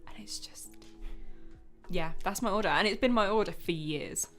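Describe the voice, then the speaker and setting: A woman's voice: mid-range voice, normal speed, a bit bright, soft background music. A young woman co-hosting a casual radio chat, giggly and enthusiastic. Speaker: radio co-host.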